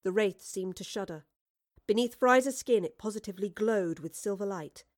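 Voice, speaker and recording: A woman's voice: mid-range voice, moderate pace, dry recording. Woman reading a story aloud, dry close sound. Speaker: narrator.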